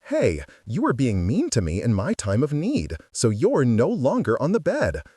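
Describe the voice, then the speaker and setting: A man's voice: medium pitch, huge pitch swings, normal speed, warm tone, breathy edge, no echo, clean studio sound. A man voicing a grouchy, sour teenage girl in an audiobook story. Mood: sulky. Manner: sour, sulky.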